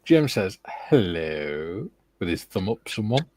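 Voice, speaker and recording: Low-voiced man hosting a stream. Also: a little fast, husky. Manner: relaxed, laughing, swears casually. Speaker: stream host reading chat. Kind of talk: casual live-stream chat.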